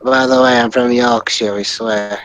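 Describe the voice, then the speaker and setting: A man's voice: medium pitch, fairly even intonation, moderate pace, fairly bright tone, dry recording, faint music behind. A man in casual gaming chat, joking and rambling through theories.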